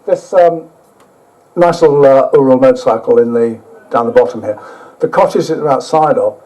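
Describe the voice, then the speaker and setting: An older man giving a rambling travel talk with slides, halting often and dropping blunt, sweary asides. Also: medium pitch, dark tone, rough recording. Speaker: guest speaker.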